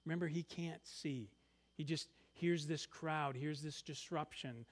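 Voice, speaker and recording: A man preaching a sermon, reading scripture aloud and swinging between loud emphatic lines and quiet asides. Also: fairly high pitch, fairly even intonation, measured pace. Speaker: pastor.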